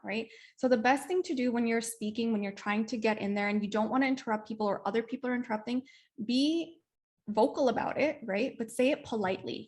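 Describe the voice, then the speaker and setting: A woman's voice: on the high side, fairly quick. A young adult woman from Canada leading a speaking workshop over a video call. She acts out example phrases and keeps checking in with "right?". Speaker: workshop presenter. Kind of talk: online workshop teaching.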